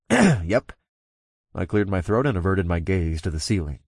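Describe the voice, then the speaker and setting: A young man reads a first-person audiobook in a somewhat low voice. His delivery is easygoing and lightly amused. The recording is dry and close, with no room sound. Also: fast, a little mellow, no room sound. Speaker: audiobook narrator. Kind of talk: first-person scripted narration.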